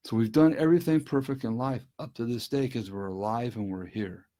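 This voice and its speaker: A man's voice: medium pitch, brisk, few pauses, dark tone. A middle-aged man speaking earnestly and directly to listeners on a casual live stream from his desk at home. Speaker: recovery speaker.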